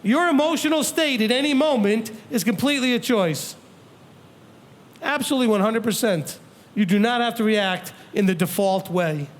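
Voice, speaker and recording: High-voiced man teaching a congregation. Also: normal speed. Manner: animated, acts out quoted people and questions the audience. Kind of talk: conversational teaching talk.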